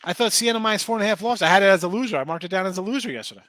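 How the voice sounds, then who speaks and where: Fired-up male betting host, bright voice pitched a bit high, chatting with viewers. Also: rapid-fire. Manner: excitable, swears, talks to chat viewers by name. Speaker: sports betting show host. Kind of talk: casual betting picks talk.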